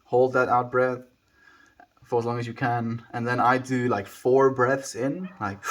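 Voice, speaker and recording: A young man from South Africa with a South African accent, chatting casually on a live stream as he answers viewer comments in a rambling, relaxed way. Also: medium pitch. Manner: laid-back, rambling, frequent likes and restarts.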